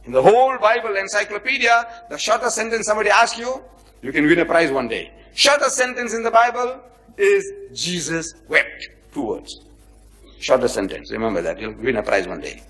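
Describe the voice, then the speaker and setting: A man's voice: high voice, expressive, moderate pace, low-quality recording. A man giving a religious lecture, reading verses and explaining them with dramatic emphasis and rhetorical questions. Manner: dramatic, rhetorical questions, acts out quoted speech; swings between loud emphasis and near-whispered asides.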